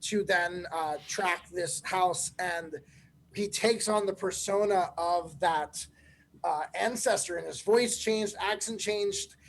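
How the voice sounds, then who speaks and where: A man co-hosting a casual recap chat as a player, explaining things in a relaxed way with some fillers. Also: high voice, takes it slowly, rough recording. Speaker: podcast co-host and player.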